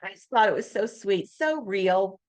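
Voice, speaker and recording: An older woman giving a casual talk as guest speaker, telling lively anecdotes and acting out the voices of people in her stories. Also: mid-range voice, moderate pace.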